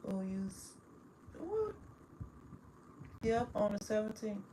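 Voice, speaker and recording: A woman, chatting casually with viewers on a livestream, affectionate and quick to laugh. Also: mid-range voice, very animated, noisy background. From New Orleans, Louisiana. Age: 40s. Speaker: livestream host.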